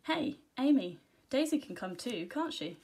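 A woman's voice: mid-range voice, normal speed, slightly rough. A woman reading aloud, voicing a kind, helpful schoolgirl in a storybook.

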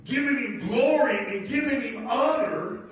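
A man preaching in a folksy, unhurried way, his fairly high voice full of rhetorical questions and chuckling asides. He sounds far from the microphone, and the church around him rings with heavy echo. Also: animated, fairly bright tone. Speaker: pastor. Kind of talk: sermon. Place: church sanctuary.

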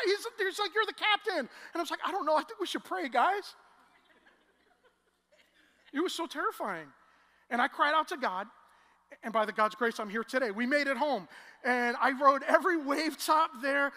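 Bright-voiced male pastor preaching in a hall. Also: very high voice. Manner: storytelling, building to loud emotional climaxes. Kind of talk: sermon. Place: large church hall. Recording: long church hall reverb.

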